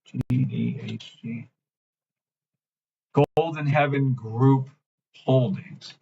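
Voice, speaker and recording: A man hosting a trading livestream, ranting in a brash, mocking, profane way and swinging between loud outbursts and low mumbling. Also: very slow, creaky, muffled recording, slight background noise. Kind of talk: live-stream rant and chart reading.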